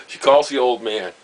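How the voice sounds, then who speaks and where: A man, telling a personal story in a rambling, halting way, full of fillers and wry chuckles. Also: mid-range voice, a little hiss or hum, low-quality recording. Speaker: vlogger. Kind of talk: casual storytelling monologue.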